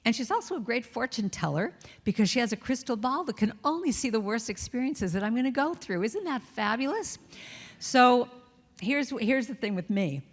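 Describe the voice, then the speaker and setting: A woman's voice: on the high side, expressive, normal speed. Chatty lady giving an uplifting talk in a church hall, long hall reverb. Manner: chatty, playful, laughs now and then. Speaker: speaker at a spiritual center. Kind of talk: inspirational talk.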